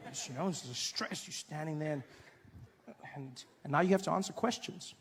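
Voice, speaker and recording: Man, stand-up comedian, fairly high voice, animated storytelling, faint noise behind. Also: normal speed. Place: on stage before a live audience.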